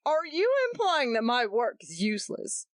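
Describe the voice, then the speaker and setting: A smug, jovial man who needles with easy irony and climbs higher when offended, as a woman reading a story puts him on. His voice swings widely in pitch. It sounds close and dry. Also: lively intonation, moderate pace, no room sound, natural voice. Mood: mocking. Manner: jovial then indignant.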